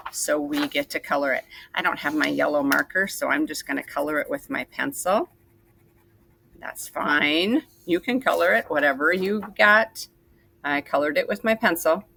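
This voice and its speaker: A woman's voice: sits low, pushed and bright. A woman teacher leading a writing lesson for second graders, patient and sing-song as she walks them through each step. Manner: slow, patient, sing-song teacher talk to young kids. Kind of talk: recorded classroom lesson for children.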